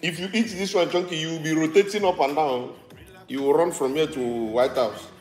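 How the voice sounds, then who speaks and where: A Nigerian man with a Nigerian accent, co-hosting a casual mealtime chat at home, animated and teasing, laughing often. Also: fairly high pitch, moderate pace, faint music behind. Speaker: co-host. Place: home room with a dog about. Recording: roomy echoey room.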